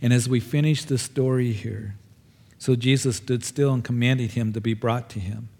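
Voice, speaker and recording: A pastor preaching a sermon, retelling a gospel story and acting out the cries of the people in it. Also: male voice, medium pitch, fairly even intonation, moderate pace, creaky, a little mellow. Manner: storytelling, acts out cries with raised voice.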